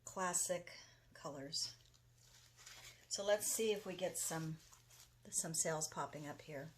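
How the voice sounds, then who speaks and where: Woman host, casual tutorial, enthusiastic, slightly low pitch, home studio with faint noise. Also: takes it slowly. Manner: chatty, enthusiastic, talks while working. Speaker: craft video host.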